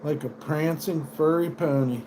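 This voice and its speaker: An American man with a fairly high, mellow voice rants casually on his livestream at a moderate pace, swearing often and wandering off into sardonic tangents. There's a slight background noise behind him.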